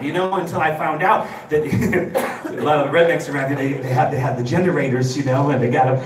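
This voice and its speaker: A man's voice: a little high, fairly even intonation, fairly quick. A man from Chicago doing a rambling stand-up set on stage, restarting lines and acting out characters. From Chicago, USA. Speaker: stand-up comedian. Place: live comedy show stage. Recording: echoey room, distant mic, crowd. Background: audience laughter.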